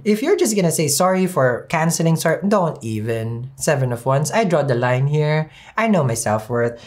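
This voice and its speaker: Lady with an accent doing a sassy tarot reading, voice all over the place, kinda low. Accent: non-native English. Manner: animated, sassy, laughs often. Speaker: tarot reader.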